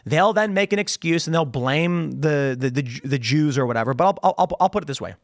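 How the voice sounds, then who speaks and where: A podcast host goes after his critics in a monologue spoken straight into a studio microphone. His high, expressive voice leaps around at a slightly fast clip, and he mocks them emphatically, repeating himself for effect.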